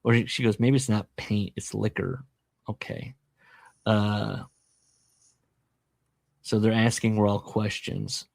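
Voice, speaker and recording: Creaky low-voiced man retelling a plot. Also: slow pace, long pauses, no echo. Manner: animated retelling of a plot, with asides; jokey, self-deprecating. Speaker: podcast host. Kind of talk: casual book-discussion chat.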